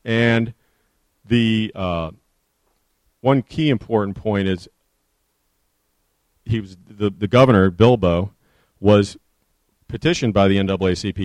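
A man's voice: on the low side, a little slow, pauses often, darkish tone, no echo. A man, an author, giving a public history talk with earnest storytelling and audience questions.

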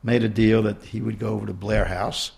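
A man's voice: fairly low pitch, flat delivery, brisk, vocal fry, darkish tone, husky. A man, an author, introducing and reading a passage from his book to an audience in a conversational way.

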